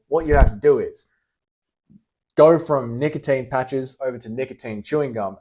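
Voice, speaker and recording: A man's voice: medium pitch, darkish tone. A young Australian man casually chatting on a livestream, reading out and answering chat messages with blunt, teasing, sweary banter.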